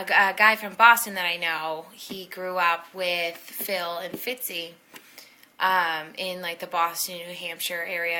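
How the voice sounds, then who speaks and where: A woman's voice: lowish voice, gravelly, pushed and bright, a little hiss or hum. A young woman telling a rambling personal story in a casual vlog, full of fillers and asides. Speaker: blogger telling personal stories.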